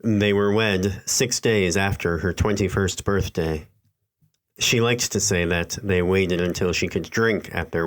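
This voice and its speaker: A man reading a scary literary story aloud in a slow, measured, somber narration. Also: sits low.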